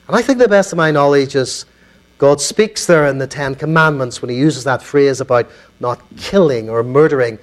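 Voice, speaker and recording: A man's voice: medium pitch, low-quality recording. Earnest Belfast man giving a lecture. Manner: earnest, measured, pauses on key words. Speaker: minister and guest lecturer. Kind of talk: public lecture with storytelling.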